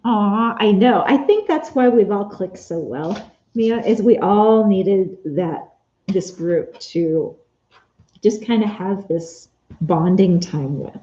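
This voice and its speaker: A mellow, medium-pitched woman speaks slowly in a muffled recording. Live-streaming as she sews at home, this Etsy seller talks casually and answers viewers' comments by name.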